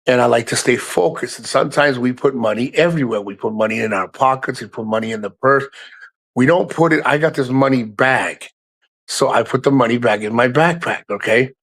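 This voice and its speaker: A man talks straight to his livestream chat in a loose, rambling way, cursing freely as he goes. His voice sits at an ordinary middle pitch, and his delivery stays blunt and unpolished. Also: brisk, fairly bright tone. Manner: frank, heavy swearing, rambling asides to the chat. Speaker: livestream host.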